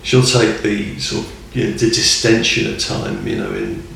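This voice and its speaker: A man's voice: on the low side, huge pitch swings, normal speed, gravelly, fairly bright tone, recorded from a distance, slight background noise. A man chatting casually as a podcast guest, rambling and enthusiastic and chuckling often. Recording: echoey room, off mic.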